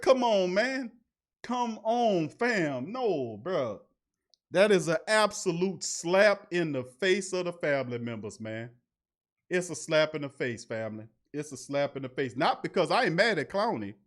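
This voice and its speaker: A man's voice: high-pitched, animated, unhurried. A man hosting a fan sports talk show, ranting in casual slang, firing off rhetorical questions and laughing mockingly at his team's front office. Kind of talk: fan sports commentary rant.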